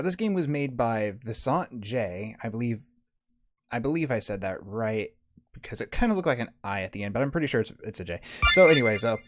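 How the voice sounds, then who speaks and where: A man hosting a let's play of a text game, talking casually. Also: medium pitch. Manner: casual, reads characters aloud. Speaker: gaming host.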